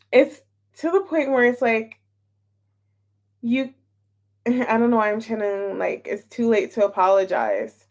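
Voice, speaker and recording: A woman's voice: fairly high pitch, a little mellow. A woman giving a casual live tarot reading, chatty and a little scattered, repeating herself and greeting viewers in the chat. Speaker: tarot reader.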